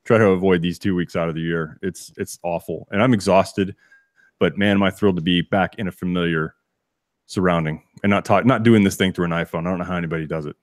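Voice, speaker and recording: A deep-voiced man co-hosts a casual sports podcast, talking fast in a steady tone as he rambles, restarts often, and laughs along the way. The recording is dry and close, from a home studio with no room sound.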